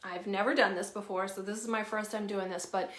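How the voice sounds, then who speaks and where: A woman's voice: mid-range voice, steady tone, brisk, a bit bright. A woman with a Southern accent, a healing coach talking casually to camera, candid and informal, swearing freely and laughing easily. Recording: roomy echo.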